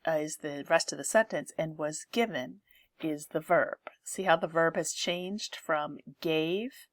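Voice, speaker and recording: A woman explains English grammar in a clear, deliberate teaching voice. She talks slowly in a slightly low register, and the recording is dry and close. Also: dry recording. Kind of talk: grammar lesson.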